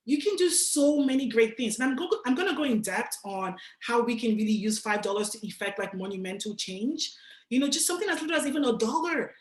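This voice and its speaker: A young woman from Nigeria giving a casual, animated motivational talk to an audience, speaking directly and with slang. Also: on the high side, a little fast, echoey room. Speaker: guest speaker.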